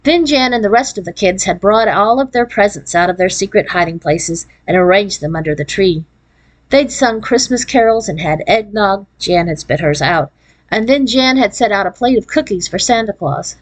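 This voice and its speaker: A woman reads a children's chapter book aloud at a mid-range pitch. Her narration follows an expressive storybook cadence. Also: normal speed, poor audio.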